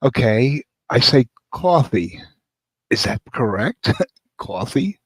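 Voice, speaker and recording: A man with a New Jersey accent and a gravelly voice, joking about himself in casual chat. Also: medium pitch, takes it slowly, dry recording. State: on cold medicine.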